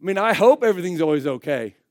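A man, a pastor, preaching a sermon in a conversational, emphatic way, swinging between loud bursts and quiet asides. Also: high voice, lively intonation, fast talker, no echo, studio quality.

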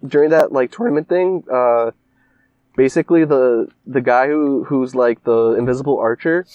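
A young man recaps a story in loose, rambling casual chat, with lots of swearing and filler words. His voice sits at a middle pitch and sounds dry and close, with no room around it. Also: moderate pace, dry recording, dull audio.

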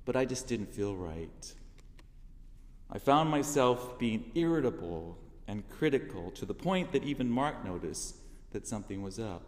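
A man speaking to his church congregation, telling a personal testimony in an earnest, heartfelt way that swells into loud emphasis. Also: lowish voice, sing-song, measured pace, long reverb tail. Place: church sanctuary.

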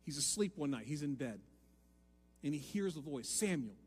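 Emphatic high-voiced pastor preaching in a hall. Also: male voice, animated, moderate pace, husky. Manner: dynamic, swinging from hushed to loud emphatic appeals. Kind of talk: sermon. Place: church sanctuary.

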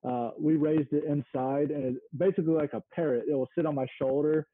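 His voice sits on the high side, steady and a little fast, with a breathy edge and no echo. The Mississippi small farmer chats relaxedly as an interview guest, pausing to find words, and the sound is narrow like a phone.

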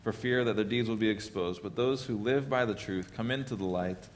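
A male pastor giving an earnest Christmas sermon, rising in force, then dropping to soft emphasis. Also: lowish voice, brisk, slight background noise.

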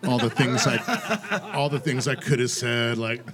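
Gravelly man laughing at himself. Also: mid-range voice, lively intonation, unhurried, a bit bright. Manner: laughing, self-mocking. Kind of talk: casual chat.

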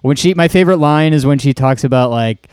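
Laid back guy chatting about a movie, really smooth clear voice, dry close sound. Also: on the high side, quick pace, darkish tone, no room sound. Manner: easygoing, agreeable, short replies and hesitant fillers. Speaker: podcast co-host. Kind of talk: casual film discussion.

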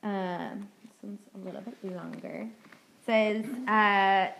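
A woman's voice: mid-range voice, fairly even intonation, slow, creaky, fairly bright tone, a little hiss or hum, low-quality recording. A young woman giving an earnest, heartfelt personal testimony to a youth group, speaking casually with many fillers. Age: young adult. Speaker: student speaker at a youth ministry meeting.

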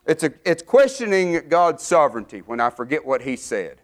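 A middle-aged man preaching a sermon, fervent, his voice climbing higher and louder as he builds. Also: very animated, normal speed.

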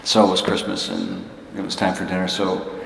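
A man preaching a sermon, telling a personal story in a halting, conversational, self-deprecating way with many restarts. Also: deep voice, monotone, gravelly. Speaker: pastor. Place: church hall before a laughing congregation. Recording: echoey hall, distant room noise.

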